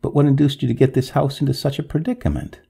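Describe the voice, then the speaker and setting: A man voicing an exasperated gentleman, master of a manor, who talks with testy, sarcastic, old-fashioned politeness. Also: medium pitch, fairly even intonation, fast, gravelly, husky, pitched above the performer's own voice.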